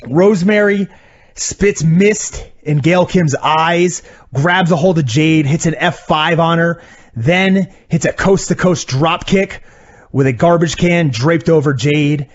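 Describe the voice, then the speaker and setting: Lively wry man recapping wrestling. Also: fairly high pitch. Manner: rambling, wry play-by-play recap. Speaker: podcast co-host reviewing wrestling. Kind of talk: casual recap chat. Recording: dull lo-fi audio.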